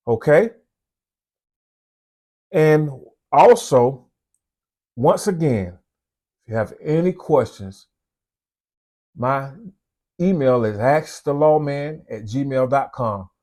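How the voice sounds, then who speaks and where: The voice belongs to a man and is a little high and a little mellow. He's a police officer with a Southern US accent who runs his own channel, chatting to the camera casually and folksily. Conversational, he repeats his points.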